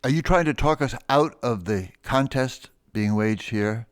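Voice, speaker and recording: A man's voice: medium pitch, a little slow, smooth. A man hosting a talk radio program, in a mid-range voice. He frames the issues with strong, punchy phrases and presses his guest with probing questions. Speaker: radio host. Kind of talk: radio interview.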